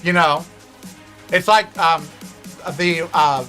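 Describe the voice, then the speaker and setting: A man hosting his own show, retelling a run-in in an indignant, animated way. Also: fairly high pitch, slow pace, faint music behind. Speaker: podcast host. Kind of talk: casual storytelling monologue.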